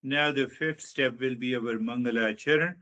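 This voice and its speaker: A man giving a slow, reflective spiritual teaching talk, guiding listeners inward with measured repetition. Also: medium pitch, bright, forceful tone, lo-fi sound.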